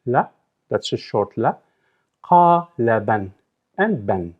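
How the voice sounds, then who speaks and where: A man teaching a language lesson, slowly repeating words and breaking them into drawn-out syllables. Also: mid-range voice, lively intonation, highs cut off. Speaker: Arabic teacher. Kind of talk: slow instructional explanation.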